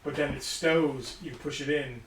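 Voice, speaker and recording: A man's voice: medium pitch, fairly even intonation, measured pace, a loud crowd. A man casually reviewing a vintage toy on a live show, thinking aloud as he handles it. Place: indoor studio room. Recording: echoey room, distant mic, noisy.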